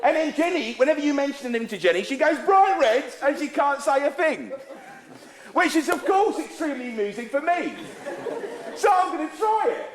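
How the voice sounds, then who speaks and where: Man host at a live show, high animated voice, teasing the crowd, echoey theatre from afar. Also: moderate pace. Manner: cheeky teasing of audience members. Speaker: narrator and compere of a live comedy melodrama. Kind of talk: audience banter on stage. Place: theatre stage with live audience. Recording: echoey theatre recorded from far off, audience noise. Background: audience laughter.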